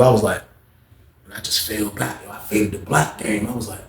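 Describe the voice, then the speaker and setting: A man telling a story casually, animated and profane, repeating lines for effect. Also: on the low side, fast, creaky. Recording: echoey room.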